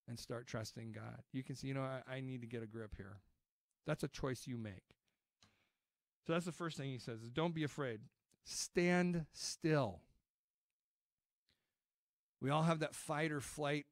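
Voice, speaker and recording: A man's voice: mid-range voice, dry recording, clean studio sound. A middle-aged man preaching a sermon as pastor, telling stories in a conversational way with frequent restarts.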